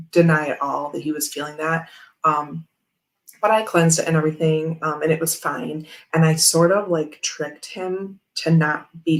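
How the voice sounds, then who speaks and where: A young woman with a lowish voice and a gravelly, fry-laden edge talks casually to her livestream viewers. She rambles through a personal story, circling back with plenty of fillers. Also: low-quality recording. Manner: rambling and chatty, with many fillers. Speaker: tarot channel host.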